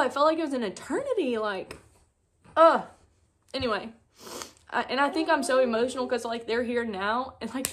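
A young woman, telling her own story at home as a mother vlogger, tearful and halting, with many filler words. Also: a little high, noisy background. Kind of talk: emotional personal storytelling. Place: at home on a couch.

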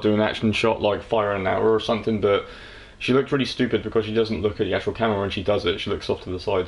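A man's voice: lowish voice, vocal fry. A young English man giving casual, rambling gameplay commentary, jokey and sweary. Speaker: let's play streamer.

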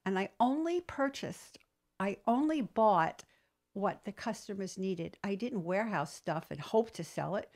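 A woman entrepreneur telling stories in an interview, lively, acting out quoted dialogue. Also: mid-range voice, a little slow. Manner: animated storyteller, acts out quoted dialogue. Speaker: entrepreneur guest; business trainer. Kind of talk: storytelling interview.

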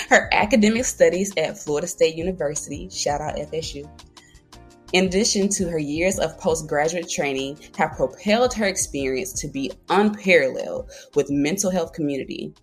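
A woman's voice: deep voice, normal speed, soft background music. A woman from Alabama with a Southern accent, hosting a podcast interview in an upbeat, chatty way. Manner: upbeat, chatty, says "y'all" often. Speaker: podcast host. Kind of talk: casual interview chat.

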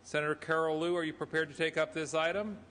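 A man presiding over a senate floor session, running the procedure in brisk, formulaic phrases. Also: a little high, fairly even intonation, a bit bright, a little hiss or hum. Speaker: presiding officer of a state senate. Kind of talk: formal parliamentary procedure. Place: large legislative chamber. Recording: chamber broadcast with long reverb.

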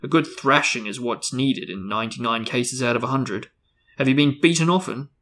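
A man doing a booming bossy aunt. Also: normal speed, fairly bright tone, close to an everyday voice. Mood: booming, scolding. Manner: booming, barking delivery. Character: loud bossy middle-aged aunt, domineering and harsh.

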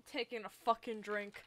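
A woman's voice: fairly high pitch, pushed and bright. A woman streamer giving casual commentary while playing a game, exasperated and profane, with frequent sighs.

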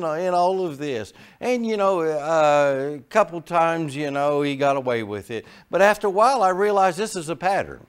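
A middle-aged man preaching a sermon, telling folksy stories and moving between quiet asides and loud emphasis. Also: a little high, animated, moderate pace, hardly any pauses, clear, resonant tone. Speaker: pastor. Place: church sanctuary.

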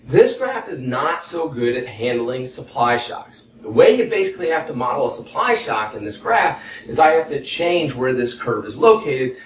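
A man's voice: fairly high pitch, recorded from a distance, a little hiss or hum. Folksy Texan man lecturing in an echoey room. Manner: folksy, conversational, frequent "okay?" check-ins. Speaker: economics instructor. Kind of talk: whiteboard lecture.

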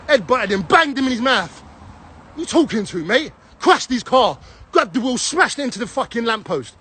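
A man tells a story, swearing freely. His pitch jumps all over as he gets worked up. He is middle-aged. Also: moderate pace, slight background noise. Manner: animated, profane, acts out the other man's lines. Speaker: vlogger. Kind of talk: heated storytelling.

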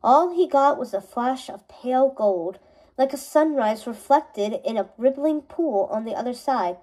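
High-voiced woman reading a novel aloud. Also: a little slow, poor audio. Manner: steady storytelling with small self-corrections. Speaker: reader.

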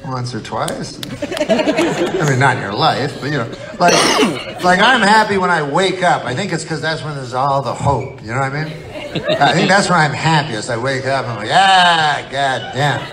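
A man's voice: mid-range voice, very animated, normal speed, crowd noise. A middle-aged man doing live stand-up on stage, telling a rambling, meandering story full of curses. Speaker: stand-up comedian. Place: live comedy show venue. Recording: live show with audience laughter. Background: audience laughter.

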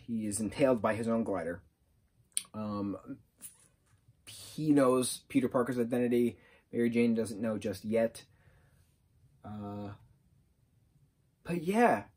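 Husky, rambling guy reviewing a movie. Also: mid-range voice. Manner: rambling and excitable, full of fillers. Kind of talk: casual spoken review.

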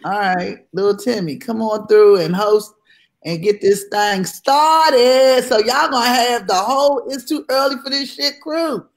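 A woman's voice: a little high, measured pace. A woman hosting a casual comedy chat in a brash, profane way, running the show. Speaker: host.

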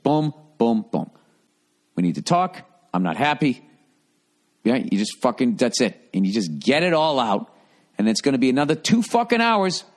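A man hosting a comedy podcast who reads listener letters aloud and gives blunt advice with profane, rambling, sarcastic asides. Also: medium pitch. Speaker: podcast host.

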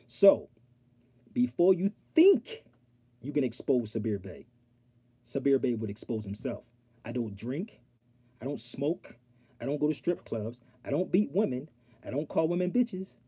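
A man hosting an online livestream, talking straight to his viewers in an animated, preachy way and reading aloud from a law dictionary. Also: mid-range voice, husky. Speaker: online show host. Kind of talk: casual livestream talk.

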